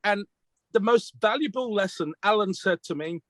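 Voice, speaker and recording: A British man with a fairly high voice for a man speaks earnestly about his craft. He tells his stories as dialogue, quoting questions and answers. His voice is close and dry, with almost no room sound. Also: lively intonation, normal speed, a bit bright, no echo. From Britain. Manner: retells mentors' advice as quoted dialogue, with questions and answers; earnest, reflective. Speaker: magician being interviewed. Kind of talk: conversational storytelling.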